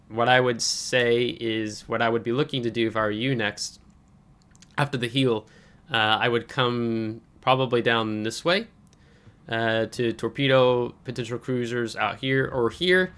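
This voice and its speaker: A man's voice: mid-range voice, fairly bright tone, clean tone. Coughing man coaching a game match. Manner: analytical, hesitant with frequent ums. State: keeps coughing. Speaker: channel host reviewing a viewer's match. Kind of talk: casual gameplay coaching commentary.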